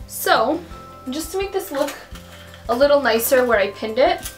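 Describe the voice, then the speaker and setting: A woman's voice: high voice, lively intonation, normal speed, faint music behind. A young woman vlogger talking casually through a tutorial at home, full of "um" and "like" fillers. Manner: chatty, many fillers like um and like.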